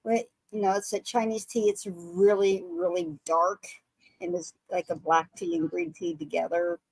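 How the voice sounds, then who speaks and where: A woman's voice: on the low side, fairly even intonation, moderate pace, a little mellow, no room sound, poor audio. A woman guest, a psychic medium, telling stories in an earnest, eager and giggly way. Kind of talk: casual storytelling chat.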